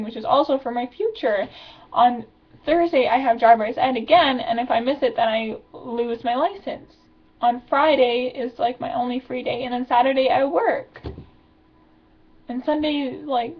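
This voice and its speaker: Stressed teen girl with a slightly high voice, venting in a rambling vlog, muffled low-fi sound. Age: teenager. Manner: rambling, filler-heavy, anxious venting. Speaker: vlogger. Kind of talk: confessional video diary.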